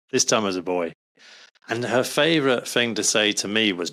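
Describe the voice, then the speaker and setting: A man speaking as a podcast guest, talking earnestly in casual conversation and often trailing off softly. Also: on the low side, brisk, creaky, no echo. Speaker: doctor.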